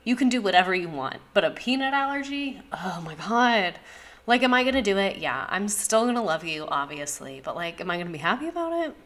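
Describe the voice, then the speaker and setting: A woman's voice: mid-range voice, sing-song, brisk, fairly bright tone. A young woman chatting casually on a livestream, candid and profane, laughing often. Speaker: streamer.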